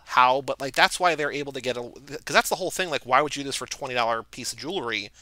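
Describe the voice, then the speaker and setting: A man's voice: medium pitch, fast talker, noisy background. A man co-hosting a podcast, chatting casually and breaking down movie details. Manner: analytical, reads listener emails aloud. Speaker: podcast co-host. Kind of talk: casual chat.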